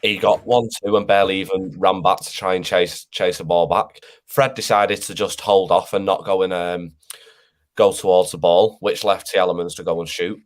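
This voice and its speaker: A man's voice: deep voice, fairly even intonation, normal speed. A man on a fan panel video call, ranting in exasperation and swearing. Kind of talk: casual fan panel chat.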